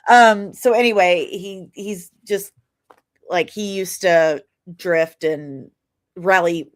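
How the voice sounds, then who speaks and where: A middle-aged woman co-hosting a casual podcast chat, an animated storyteller who laughs often. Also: on the low side, slow pace. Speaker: podcast co-host.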